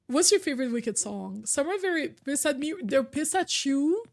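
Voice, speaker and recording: A woman's voice: high voice, lively intonation, measured pace. Chatty woman streamer. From Quebec, Canada. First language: French. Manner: chatty, answers viewers' chat as she talks. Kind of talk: casual live-stream chat. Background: soft background music.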